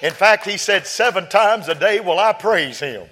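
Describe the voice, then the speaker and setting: A man preaching a sermon, quoting scripture and building from quiet talk to fervent shouting. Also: high voice, animated, normal speed, slight background noise.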